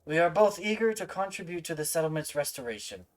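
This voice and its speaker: A man's voice: fairly high pitch, expressive, fast talker, voice pushed up, natural voice. A man voicing a courteous young male noble, reading game lines politely and formally. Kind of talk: reading game dialogue aloud with voices.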